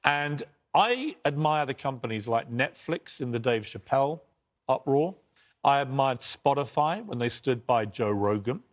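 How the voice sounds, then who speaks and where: A man with a British accent, an excitable panel guest who talks over others with strong opinions. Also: mid-range voice, a little slow.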